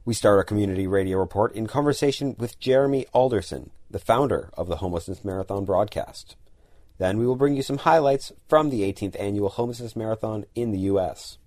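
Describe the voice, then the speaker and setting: A male radio host reading a formal scripted introduction in a steady manner. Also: lowish voice, brisk.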